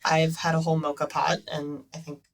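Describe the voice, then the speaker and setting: A woman's voice: deep voice, monotone, a little fast, recorded from a distance. An American woman hosting a podcast interview, bubbly and playful, laughing often and teasing her guest. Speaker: podcast host. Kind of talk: casual interview chat.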